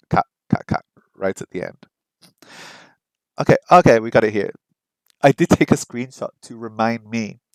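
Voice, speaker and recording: Male streamer at a close desk mic, casual and chatty, repeats words as he works them out. Medium pitch, dry sound. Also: gravelly, no room sound. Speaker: live streamer learning Japanese. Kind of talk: casual chat while studying on a language app.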